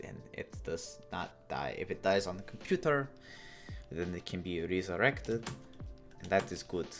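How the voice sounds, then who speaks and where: A man with a lowish voice talks slowly through a casual live-coding stream. He thinks aloud, rambles and jokes, with faint music and keyboard typing underneath. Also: vocal fry.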